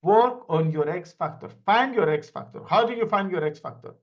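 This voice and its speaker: A man's voice: sits high, expressive, moderate pace. Emphatic man giving a seminar. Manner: emphatic and repetitive, with anecdotes. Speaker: network marketing trainer. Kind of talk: motivational seminar talk. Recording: dull lo-fi audio.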